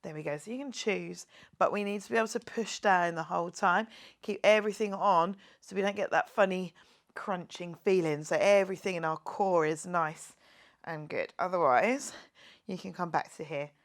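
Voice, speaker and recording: This fitness instructor's voice is on the low side, and she speaks at a moderate pace. Leading her guided workout, she clowns around playfully, counting reps and rooting for her viewers.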